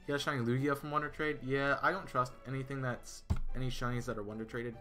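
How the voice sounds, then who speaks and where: A bright, forceful male voice chatting loosely with his live chat as he plays a game. He rambles through stories and answers viewers, stumbling over restarts and fillers. Faint music plays underneath. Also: mid-range voice, level tone, quick pace. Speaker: streamer. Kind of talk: casual live-stream chat.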